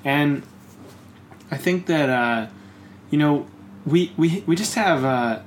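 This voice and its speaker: A man co-hosting a podcast, ranting in casual chat, swearing often and rising into loud bursts. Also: fairly high pitch, takes it slowly, a little hiss or hum. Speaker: podcast co-host.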